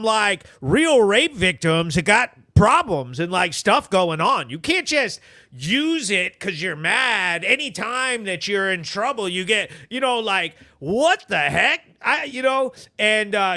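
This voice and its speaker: Fired up guy doing casual commentary, high bright voice, swears a lot. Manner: loud, blunt, fired up, swears. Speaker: news show host.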